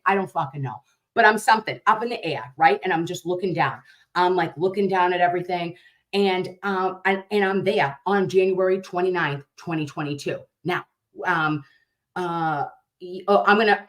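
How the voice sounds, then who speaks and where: A woman hosts a casual livestream, talking straight to her viewers. Her storytelling is rambling, animated and full of swearing. She sounds loose and unscripted. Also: lowish voice. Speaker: livestream host.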